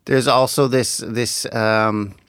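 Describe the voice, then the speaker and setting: A man's voice: medium pitch, steady tone, takes it slowly, a bit bright, clear, resonant tone, dry recording, clean studio sound. A man interviewing a guest, asking curious, leading questions in a casual way.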